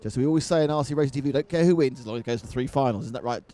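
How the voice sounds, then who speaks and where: A man's voice: mid-range voice, rapid-fire, dark tone. A man commentating live on a model car race, mixing race calls with jokey banter.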